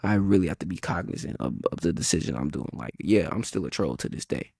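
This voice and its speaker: Husky, animated young man telling a story. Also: sits low, fast talker, no room sound, clean studio sound. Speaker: podcast host. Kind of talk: casual storytime.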